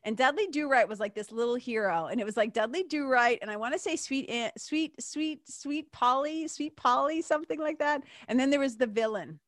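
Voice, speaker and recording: Podcast host, woman in her fifties: lively, swears freely, slips into playful voices; dry booth sound. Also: on the high side, a little fast, few pauses, no echo. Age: 50s. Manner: animated storytelling, acts out silly voices, swears freely. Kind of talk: casual solo podcast talk.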